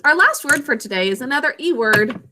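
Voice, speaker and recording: A woman with a high, expressive voice leads an online reading lesson via video call, with background noise audible. She sounds out each word slowly and clearly, syllable by syllable.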